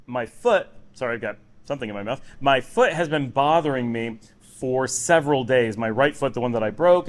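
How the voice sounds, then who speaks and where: A man talking through his day in a relaxed, rambling daily vlog, recorded in his home office on a recorder sitting on a table. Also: mid-range voice. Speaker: vlogger. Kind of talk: casual daily vlog talk.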